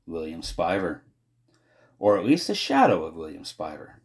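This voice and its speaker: A man narrating an audiobook in an expressive, measured storytelling manner. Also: deep voice, creaky.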